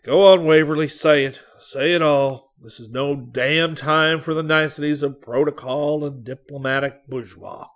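Man voicing imposing male statesman, pessimistic, blunt, emphatic, raised pitch. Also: expressive, unhurried. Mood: urgent.

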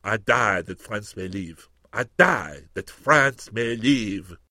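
A man voicing a pompous, fearful French duelist in a solemn, melodramatic, drawn-out way. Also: mid-range voice, animated, vocal fry, no echo, clean studio sound, voice pushed down.

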